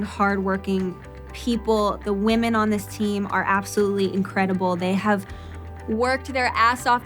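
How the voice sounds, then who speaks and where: A woman's voice: mid-range voice, a bit bright. A young woman in her twenties, a brand founder, talking casually and openly emotional in a personal vlog.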